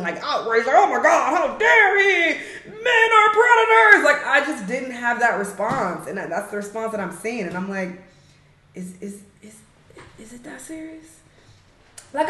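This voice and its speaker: A woman, hosting a reaction video and giving her frank, slangy opinion with plenty of swearing. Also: medium pitch. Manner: blunt, frank, swears freely; slangy, with mocking mimicry of others. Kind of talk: casual opinion commentary. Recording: echoey room.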